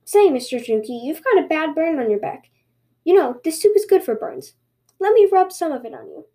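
A woman's voice: high-pitched, big pitch swings, brisk, dark tone, pitched above the performer's own voice. A woman voicing a sly male rabbit trickster who sweet-talks in a falsely innocent way.

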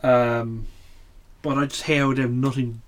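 A man's voice: mid-range voice, little pitch movement, a little slow. Man, casual recap, blunt, swears, opinionated, lots of fillers. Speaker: wrestling podcast host. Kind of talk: casual weekly show recap.

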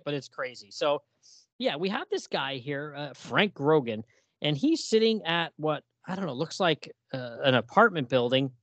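A man on a podcast, talking casually with an animated, laughing delivery. His voice sits a little high and swings widely in pitch. The sound is dry and close, with no room around it. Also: dry recording. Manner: animated, laughing, lots of fillers. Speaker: podcast co-host. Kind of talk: casual chat about comics.

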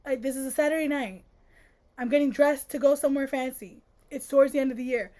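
A woman's voice: high-pitched, fast. A woman co-hosting a podcast, chatting casually and sassily about a book, often exasperated. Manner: sassy, exasperated, animated. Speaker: podcast co-host.

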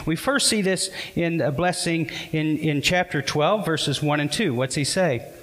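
A man's voice: a little high, a little slow, fairly bright tone, long reverb tail, low-quality recording. A man preaching a sermon as a pastor, earnest and putting questions to the congregation.

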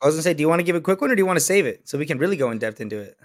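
A man with a slightly higher voice chats as a podcast co-host. He talks fast and keeps his remarks short and supportive. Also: animated. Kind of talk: casual chat.

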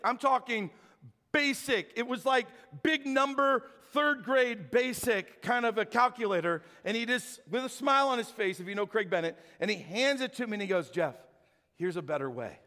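A man's voice: very high-pitched, moderate pace. A man preaching a sermon as pastor, telling stories with acted-out dialogue. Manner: animated storytelling, acts out dialogue. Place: church sanctuary. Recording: hall reverb from church sanctuary.

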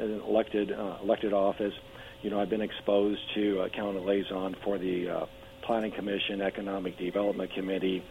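A man with a very low, gravelly voice speaks eagerly in a radio interview, stumbling over restarts and fillers. He is hoarse, losing his voice. The call comes through a tinny phone line with a faint hum behind it. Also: little pitch movement, a little fast. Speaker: political candidate guest.

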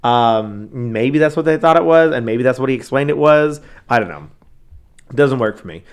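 A man's voice: medium pitch, animated, normal speed, clear, resonant tone. A man co-hosting a casual true-crime chat, talking loosely with many fillers and asides. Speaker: podcast co-host.

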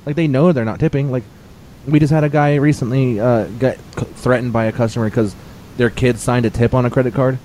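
A man's voice: medium pitch, steady tone, warm tone, slight background noise. A man in casual chat, bluntly complaining about bad tippers with plenty of swearing. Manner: blunt, fast, profane complaining. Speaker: pizza delivery driver.

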